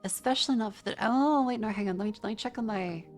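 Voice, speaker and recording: A woman's voice: medium pitch, quick pace. Aussie streamer girl yapping with chat, bit of music playing under her. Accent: Australian. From Australia. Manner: chatty, reads chat aloud, stumbles and restarts. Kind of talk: casual live-stream chat.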